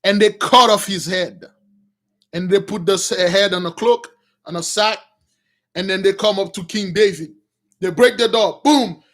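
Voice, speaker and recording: A man preaching, retelling a Bible story in loose slangy talk and acting out the characters with shouts and laughs. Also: sits high, moderate pace.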